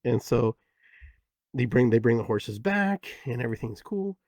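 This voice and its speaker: A man's voice: medium pitch, very animated, moderate pace, a little mellow, no room sound. Rambling reflective man, dry close sound. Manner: rambling, many "you know" fillers. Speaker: podcast host. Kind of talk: casual reflective storytelling.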